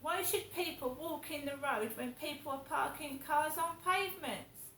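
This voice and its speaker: A woman's voice: high voice, normal speed, fairly bright tone. A woman, giving an indignant, repetitive and swearing casual rant as a vlogger. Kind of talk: casual ranting monologue. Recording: echoey room with faint ambient noise.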